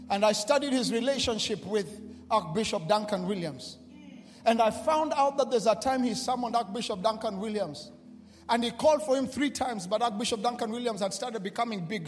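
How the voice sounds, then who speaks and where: A man preaching a sermon, shifting from quiet storytelling to shouted, repeated declarations with call-and-response. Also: high voice. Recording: reverberant hall with music behind.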